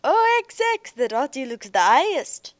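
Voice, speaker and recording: Woman putting on a brash young street guy, loud and high, all slang and cheer. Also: very animated, normal speed, no echo. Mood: cheerful, excited. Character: brash cheerful young slang-talking male city dweller.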